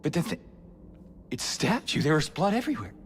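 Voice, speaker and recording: An anxious young man in a horror game, talking urgently with a swooping pitch. Some faint noise hangs behind the voice. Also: very animated, brisk. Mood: alarmed. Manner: alarmed, urgent.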